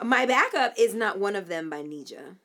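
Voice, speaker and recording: A woman from Brooklyn, co-hosting a casual chat podcast in an animated, playful way. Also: mid-range voice, normal speed. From Brooklyn, New York. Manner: animated, playful, loud bursts of excitement. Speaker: podcast co-host.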